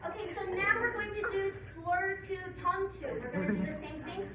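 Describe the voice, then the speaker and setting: Band teacher: high, encouraging woman, heard from across an echoey, noisy classroom. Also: big pitch swings, fairly quick, a crowd in the background. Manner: upbeat, encouraging, counts students in. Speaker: middle school band teacher. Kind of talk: leading a band rehearsal. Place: school band room. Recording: echoey room from far off, noisy.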